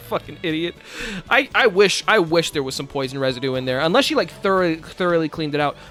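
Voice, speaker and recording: A man's voice: a little high, expressive, quick pace, pushed and bright, soft background music. A man streaming live, chatting casually, laughing often and swearing as he rambles.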